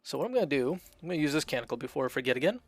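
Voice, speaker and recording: A man streaming a strategy game, chatting casually and thinking out loud as he plays, with frequent fillers and restarts. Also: fairly high pitch, sing-song, rapid-fire, dry recording. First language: Russian. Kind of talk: casual gameplay commentary.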